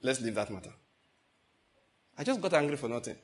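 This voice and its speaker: Animated Nigerian pastor, Enugu accent. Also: male voice, mid-range voice, fast talker, pauses often. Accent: Nigerian English, Enugu. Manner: animated storytelling with laughter and mock outrage. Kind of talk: sermon.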